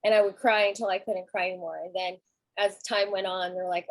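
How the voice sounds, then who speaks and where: Soft, husky middle-aged woman. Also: medium pitch, level tone, brisk, no echo, poor audio. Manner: gentle, reflective, soft-spoken. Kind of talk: candid conversation about grief.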